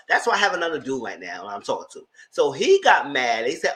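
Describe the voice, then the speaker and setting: A man casually retelling a reality show episode, animated and incredulous, jumping to high exclamations. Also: fast, few pauses. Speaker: TV recap vlogger. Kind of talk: casual recap commentary.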